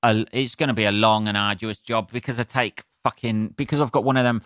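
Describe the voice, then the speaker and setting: A man rants alone into his podcast mic, swearing freely and laughing at his own temper. His voice is bright and forceful, recorded close and dry. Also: lowish voice, steady tone, fairly quick, no room sound. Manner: sweary, ranting, self-mocking. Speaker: podcast host. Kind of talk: solo podcast rant.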